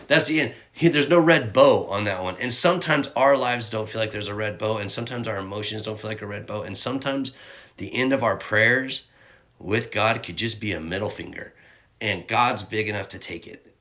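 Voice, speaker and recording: A man's voice: fairly low pitch, sharp tone. A man giving a casual, candid devotional talk as a youth ministry leader, rambling with slang and fillers, tearful at times.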